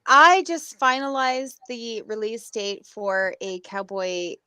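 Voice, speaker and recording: A woman's voice: on the high side, animated, slow, bright, forceful tone, clean tone, no room sound. Chatty woman podcast co-host. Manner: chatty, rambling with restarts. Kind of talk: casual chat.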